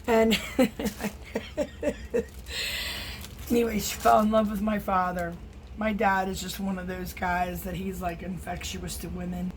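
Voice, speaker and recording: A woman's voice: lowish voice, flat delivery, normal speed, slight background noise, rough recording. A middle-aged woman, an acrylic pour artist, chatting casually and rambling while she paints in her home studio. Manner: chatty, rambling, self-teasing.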